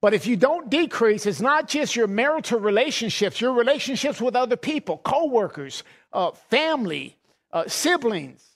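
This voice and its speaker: A man's voice: very high-pitched, big pitch swings, normal speed, a bit bright. A middle-aged man preaching a sermon in a folksy way, laughing often and repeating words as he goes.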